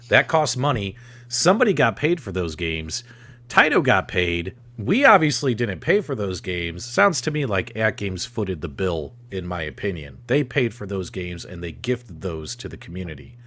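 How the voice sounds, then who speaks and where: A man hosting a gaming podcast, talking in an excitable, animated way. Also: lowish voice. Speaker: podcast host. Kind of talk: casual chat.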